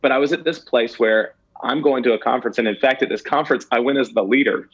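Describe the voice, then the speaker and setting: A man's voice: medium pitch, fast talker, slightly rough. Guy sharing a heartfelt story, kinda laughing at himself, trips over words, muffled lo-fi sound. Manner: earnest, self-deprecating, stammering restarts. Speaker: guest telling a ministry story. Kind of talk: candid personal storytelling.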